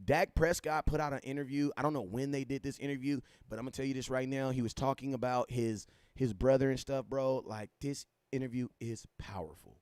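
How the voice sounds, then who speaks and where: A man hosting a casual sports livestream, talking animatedly, repeating himself and giving shout-outs to viewers. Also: medium pitch, fairly even intonation, fairly quick, hardly any pauses, clear, resonant tone, dry recording. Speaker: livestream host.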